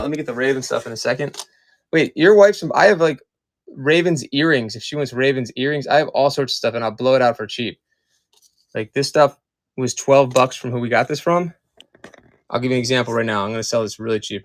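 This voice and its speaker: Chatty man selling cards live. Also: mid-range voice. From Maryland. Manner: chatty, distracted, talks to viewers while sorting items. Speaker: live-stream auction seller.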